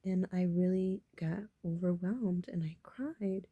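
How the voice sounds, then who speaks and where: A woman vlogger musing softly in half-whispers about personal matters. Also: lowish voice, fairly even intonation, takes it slowly, breathy edge, no room sound, phone-quality sound. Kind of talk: reflective personal talk.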